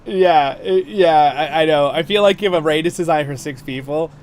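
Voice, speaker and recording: A man's voice: fairly high pitch, moderate pace, darkish tone, slight background noise. A man hosting a game livestream, chatting casually and playfully while he plays, often laughing. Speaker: game streamer and host. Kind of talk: casual gameplay commentary.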